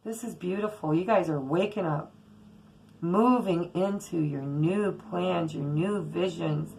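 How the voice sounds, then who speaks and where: Slow, gravelly-voiced woman tarot reader. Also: lowish voice, darkish tone, a little hiss or hum, low-quality recording. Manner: earnest, blunt, spiritual pep talk with casual swearing. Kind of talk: casual tarot reading monologue.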